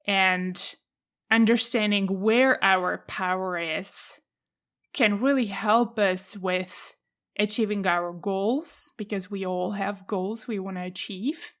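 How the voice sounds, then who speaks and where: Slow, reflective Czech-accented woman. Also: mid-range voice, steady tone, a bit bright. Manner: thoughtful, measured, pausing to reflect. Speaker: podcast host. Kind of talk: reflective solo podcast monologue.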